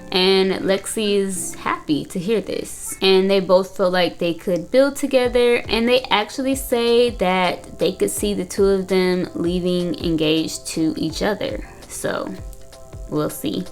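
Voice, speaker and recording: A woman's voice: medium pitch, unhurried, soft background music. A young woman recapping and reacting to a reality show in casual chat, blunt and full of "like" and "you know". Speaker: reaction video host, counseling student.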